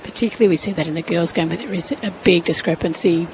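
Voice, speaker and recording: A woman's voice: lowish voice, fast talker, background noise. A woman giving thoughtful, analytical cricket commentary from a ground's commentary box.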